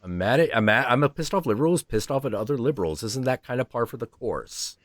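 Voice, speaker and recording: A man's voice: mid-range voice, lively intonation, fast talker, dry recording, clean studio sound. A man hosting a livestream, ranting heatedly and profanely, acting out imagined dialogue. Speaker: stream host.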